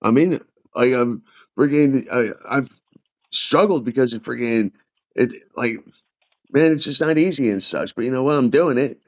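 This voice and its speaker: A man venting about his care as a veteran, agitated and halting, restarting and swearing often. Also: medium pitch. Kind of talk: casual emotional chat. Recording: dull lo-fi sound.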